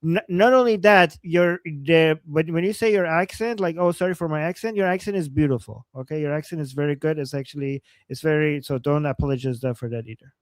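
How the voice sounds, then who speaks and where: Male livestream co-host, animated, stumbling restarts, dry close-miked voice. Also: a little high, brisk, few pauses, dry recording. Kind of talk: casual livestream chat.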